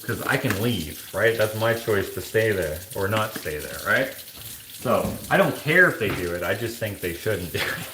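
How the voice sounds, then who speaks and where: An animated Canadian livestream host talks at normal speed, casually reading viewer comments and tossing in jokey asides. His manner is rambling and jokey, with mock-singing in a high voice, in an echoey room with background noise.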